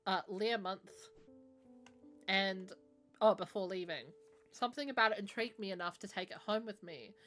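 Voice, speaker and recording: Brief: woman voicing a cursed male game character, mid-pitched and uneasy. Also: fairly bright tone, close to an everyday voice. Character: troubled man plagued by nightmares.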